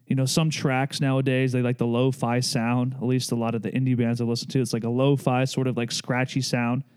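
Rambling young man, mellow voice. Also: medium pitch, clean tone. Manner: loose, joking, rambling with many fillers. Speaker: podcast host. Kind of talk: casual chat.

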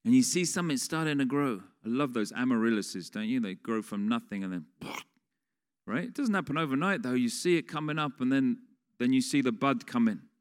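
A man's voice: mid-range voice, lively intonation, fairly quick. A man preaching a sermon in a conversational way, putting questions to the congregation. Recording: long reverb of a large hall.

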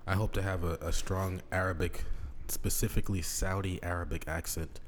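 Laid-back low-voiced male podcast host. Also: steady tone, normal speed, slight background noise. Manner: laid-back, rambling with fillers. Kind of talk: casual chat.

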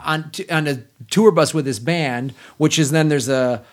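A man's voice: a little high, moderate pace. A man hosting a podcast, chatting loosely and swearing freely as he tells stories. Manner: loose, swearing conversational storytelling. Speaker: podcast host. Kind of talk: casual chat.

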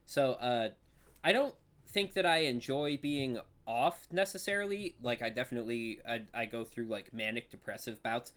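A man's voice: medium pitch, animated, normal speed, fairly bright tone. Earnest, reflective man in casual chat. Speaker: podcast co-host.

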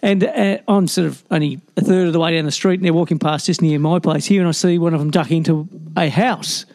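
Older Australian man, radio co-host, high-pitched, rapid anecdotal chat. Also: darkish tone. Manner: rambling anecdotal, acts out quoted voices. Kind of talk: casual radio chat, storytelling.

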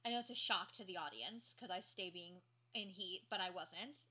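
A woman's voice: on the low side, normal speed. A young woman co-hosting a podcast, chatting casually with lots of swearing and quoted voices. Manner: profane, animated storytelling with quoted voices. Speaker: podcast co-host. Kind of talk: casual chat.

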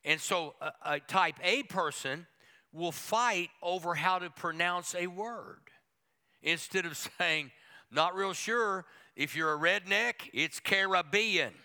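A man's voice: high voice, slow, pushed and bright, smooth. A middle-aged man, a pastor, preaching a folksy and humorous sermon with playful asides to the congregation.

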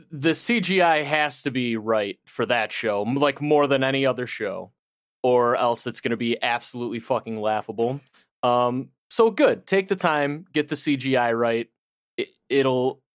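A male podcast co-host talking in a casual, blunt way, cursing and laying out strong opinions. His voice sits at an average pitch and sounds dry and close to the mic. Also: unhurried, fairly bright tone, no room sound. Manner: blunt, swears freely, opinionated.

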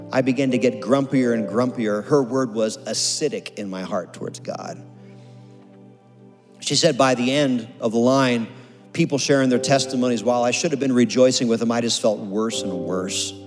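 A man telling a testimony in a sermon, earnest and dramatic, acting out the people he quotes. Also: mid-range voice. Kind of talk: sermon storytelling. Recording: long reverb of a large hall with music under it.

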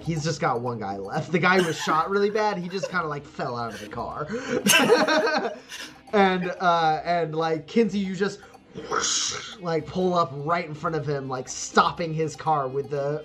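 A tabletop game master narrating a scene at an unhurried pace, full of "like" and "um" and bursts of laughter. The voice sits at a middling pitch. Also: animated, fairly bright tone. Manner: rambling, filler-heavy narration with frequent laughs.

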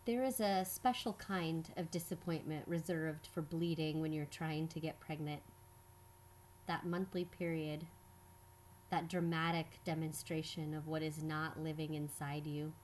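A woman telling a personal story in scripted narration, measured and reflective. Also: low-pitched, fairly even intonation, a little hiss or hum. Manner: measured, reflective, quietly earnest.

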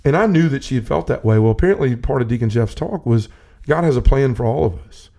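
Man, earnest rambling storytelling, relaxed dark tone, mid pitch. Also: fast, vocal fry. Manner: earnest, rambling with many restarts. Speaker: podcast host. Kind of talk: personal testimony in casual talk.

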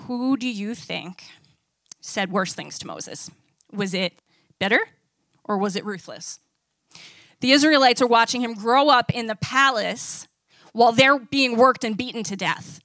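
Bright, dry-sounding woman preaching. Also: fairly high pitch, a little slow, no room sound. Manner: conversational, asks the audience questions. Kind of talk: sermon.

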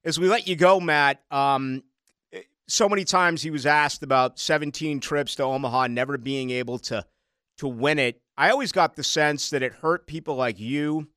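A man's voice: on the high side, moderate pace, bright, forceful tone, no echo, clean studio sound. A male sports radio host interviewing a guest in an upbeat, conversational way.

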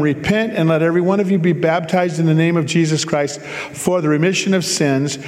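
A man's voice: on the high side, in a large hall. A man preaching a sermon, reading scripture aloud and breaking off for casual, joking asides to explain it.

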